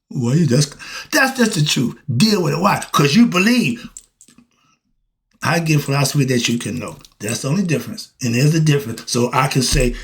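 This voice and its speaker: A middle-aged man giving a preachy solo monologue, answering his own questions and breaking into shouts. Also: medium pitch. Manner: coughs and clears throat. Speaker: street philosophy commentator.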